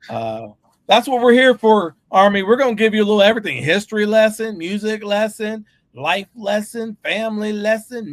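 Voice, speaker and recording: A man co-hosting a podcast in a casual chat, his voice sitting a bit higher than most men's. He talks emphatically and riffs with humorous asides, recorded dry and close on a podcast mic. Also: dry recording. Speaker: podcast co-host.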